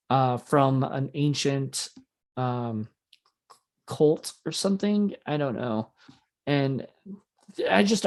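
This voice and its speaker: A man's voice: mid-range voice, a little mellow. A man giving a casual spoken film review, rambling and hesitant, full of ums and restarts, with exasperated, mocking asides.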